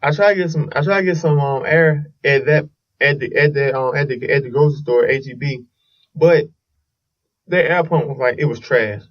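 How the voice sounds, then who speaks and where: A man's voice: on the high side, normal speed, recorded from a distance, highs cut off. A man hosting a casual solo podcast, telling a long story in a rambling way with restarts and swearing. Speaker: podcast host.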